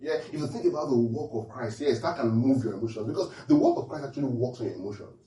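A man's voice: mid-range voice, fast, roomy sound, recorded from a distance, slight background noise, poor audio. A man preaching a humorous sermon, laughing often and checking in with his listeners. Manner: animated, laughing often, asks the audience questions.

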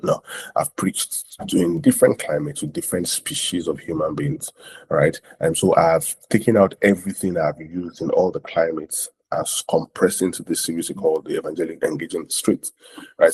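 A man's voice: a bass voice, darkish tone, husky. A man teaching street evangelism in a loose, repetitive talk, often asking "right?" and acting out what he says to strangers.

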